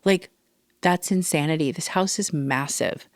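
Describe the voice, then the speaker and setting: Woman host, smooth resonant tone, casual rambling solo chat full of asides. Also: low voice, fairly even intonation, moderate pace, no room sound. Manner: chatty, rambling, with fillers and quoted asides. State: recovering from respiratory infection. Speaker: podcast host.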